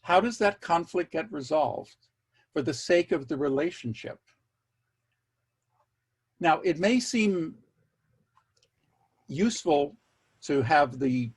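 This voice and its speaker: A man presenting an online workshop over a video call, speaking in a measured way with wry asides and repeating key words for emphasis. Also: on the high side, husky.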